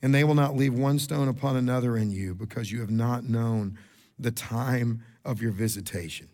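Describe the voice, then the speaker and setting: A middle-aged man, preaching a sermon in a conversational style. He repeats words, makes quick asides to the congregation, and gets louder and higher to stress a point. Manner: rises in pitch and volume for emphasis. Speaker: pastor.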